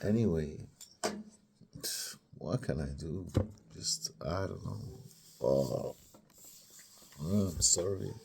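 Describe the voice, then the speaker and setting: A man's voice: low voice, drawn-out words, gravelly, long pauses, warm tone, a little hiss or hum. A man in his fifties with a sore throat, rambling in a meandering personal monologue that drifts into mutters and whispers. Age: 50s. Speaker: vlogger.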